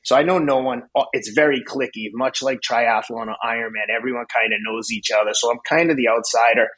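A man in his fifties, a podcast guest, telling a story in a blunt, profane, excitable way. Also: mid-range voice, fairly quick, husky, low-quality recording. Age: 50s. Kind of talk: casual storytelling.

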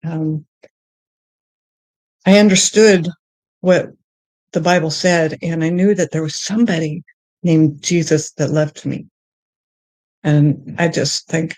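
A middle-aged woman sharing her personal faith testimony in conversation, halting with many restarts, and climbing high and excited when she tells of joy. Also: no echo.

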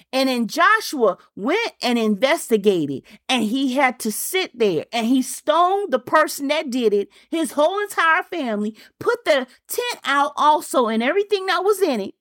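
A woman's voice: high voice, fairly bright tone, dry recording, clean studio sound. A woman preaching a fervent sermon, repeating lines for emphasis and calling out directly to her listeners.

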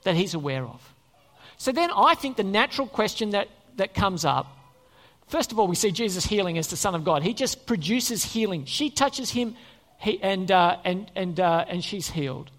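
Animated preacher in an echoing hall. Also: medium pitch, moderate pace. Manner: conversational, asks the congregation questions. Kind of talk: sermon. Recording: long reverb in a church hall.

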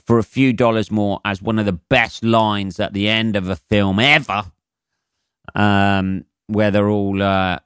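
A man's voice: fairly low pitch, level tone, measured pace, a bit bright, smooth, no room sound, studio quality. A man in his forties from England hosting a solo comedy podcast, rambling and swearing, with lots of fillers and chuckles at his own jokes.

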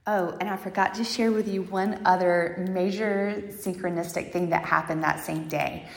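With a fairly low, gravelly voice and fairly even intonation at a normal pace, a podcast host speaks alone to her listeners. She sounds heartfelt and spiritual, gushing with gratitude and scattering "like" throughout.

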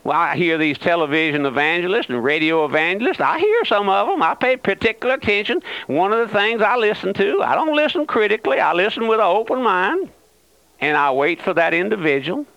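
A man's voice: high-pitched, animated, brisk, fairly bright tone, no echo, muffled recording. An older man preaching a fervent radio sermon, repeating phrases and calling himself by a nickname.

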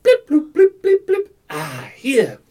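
A rude, self-important mad doctor, as a man puts him on for improvised comedy. His voice sits high and bright and swings all over the place. He snaps back at every question with pompous indignation. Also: very animated, moderate pace, slightly rough, faint music behind, heavily acted. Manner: pompous and snappy, with sudden indignant outbursts. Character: rude, boastful male mad doctor, middle-aged. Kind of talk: improvised comedy role-play.

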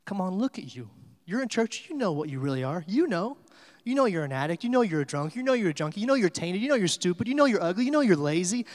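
A sneering devil , voiced by a preacher, who jeers in a raised, pushing voice, insult after insult. The taunts ring out in the long echo of a church hall. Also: male voice, sits high, big pitch swings, fast talker, pitched above the performer's own voice. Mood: taunting. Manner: taunting, jeering. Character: Satan, sneering male accuser.

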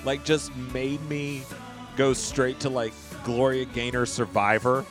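A man co-hosting a casual podcast, animated and jokey, laughing often. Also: mid-range voice, slow pace, faint music behind. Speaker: podcast co-host.

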